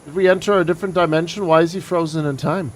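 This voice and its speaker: This flight-sim streamer talks fast in a fairly high, steady voice. He keeps his live commentary casual and jokey while talking through the cockpit setup one step at a time.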